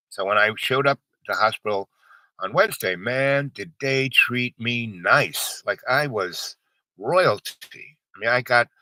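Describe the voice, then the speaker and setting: Bright-toned rambling man telling a story. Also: on the low side, no echo, poor audio. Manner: meandering, full of fillers and restarts; acts out other people's lines with a raised voice. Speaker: vlog host telling a personal story.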